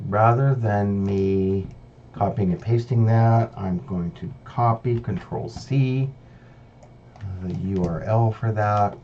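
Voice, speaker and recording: A man's voice: sits low, mellow. A man teaching a programming lesson over a screen recording, explaining step by step and thinking aloud with fillers and restarts. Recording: slightly dull lo-fi audio with faint hiss.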